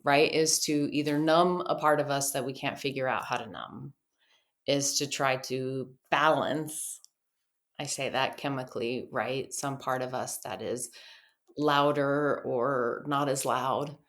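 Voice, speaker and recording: A woman guest on a podcast, a clinical officer at a treatment center, telling lively stories and acting out quoted dialogue. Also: a bass voice, a little slow. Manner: lively storyteller who acts out quoted dialogue. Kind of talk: podcast conversation, storytelling.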